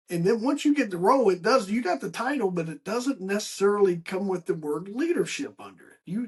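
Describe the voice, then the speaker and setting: A man hosting a podcast, chatting casually and telling stories with lively acted-out dialogue. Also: high-pitched. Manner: animated storyteller who acts out quoted dialogue; chatty, with frequent restarts and asides. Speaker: podcast host. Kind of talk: casual conversational interview.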